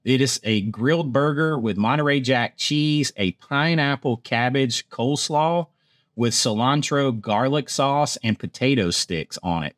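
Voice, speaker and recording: A theme park vlogger from Georgia, USA, with a mid-range voice, casually runs through food menus and laughs at himself when he stumbles over foreign words. The audio is clean studio sound with no room noise.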